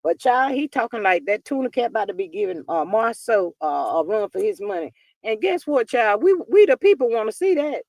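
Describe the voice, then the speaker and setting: A woman's voice: on the high side, very animated, a little fast, darkish tone, no echo. A woman hosting a casual gossip livestream, reading viewer comments in a chatty, drawling way and calling everyone "child.". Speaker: livestream host reading chat. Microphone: livestream computer mic.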